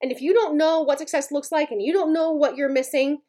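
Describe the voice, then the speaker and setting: Female podcast host, high voice, blunt and fired-up, tough-love monologue that keeps prodding the listener. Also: steady tone, a little fast, warm tone. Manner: blunt, emphatic, frequently asks "okay?" and "right?"; gets worked up, speaks with heated intensity.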